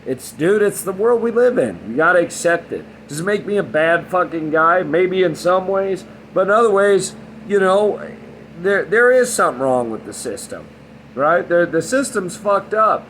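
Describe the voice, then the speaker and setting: A man's voice: high voice, expressive, moderate pace, fairly bright tone, a little hiss or hum, rough recording. A man in his thirties talking bluntly and frankly in a casual monologue, rambling and swearing a lot. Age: 30s. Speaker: vlogger.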